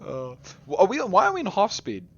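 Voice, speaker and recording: A man's voice: sits high, wildly swooping pitch, brisk, fairly bright tone, slightly rough, lo-fi sound. A man giving live commentary on a game tournament, reading chat aloud and joking with viewers, laughing often. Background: faint game music.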